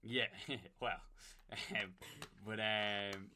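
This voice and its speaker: A young man with a Dublin accent, a guest on a podcast, telling stories in a relaxed way with plenty of fillers. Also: lowish voice, drawn-out words, slight background noise. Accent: Dublin Irish. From Ireland. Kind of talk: casual chat.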